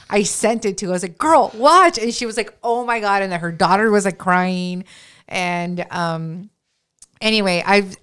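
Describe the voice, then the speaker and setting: A woman co-hosting a podcast in excitable, gushing casual chat. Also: mid-range voice, smooth. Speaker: podcast co-host.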